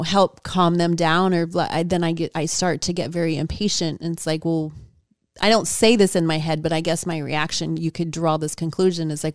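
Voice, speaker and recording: A woman co-hosting a talk show, chatting in a calm, reflective way with many fillers. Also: sits low, clean tone, dry recording, studio quality. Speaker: co-host. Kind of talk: casual reflective chat.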